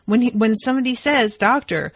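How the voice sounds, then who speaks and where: A woman co-hosting a podcast, chatting casually and telling stories in an animated way with the odd swear word. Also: mid-range voice, a little slow, no echo. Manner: animated, profane storytelling. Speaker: podcast co-host.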